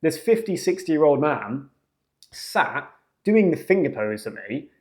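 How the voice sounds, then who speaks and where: Young male podcast host, lively storyteller, slangy and animated, slightly higher voice. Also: a little slow. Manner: animated, slangy, jumps into acted quotes. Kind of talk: casual storytelling.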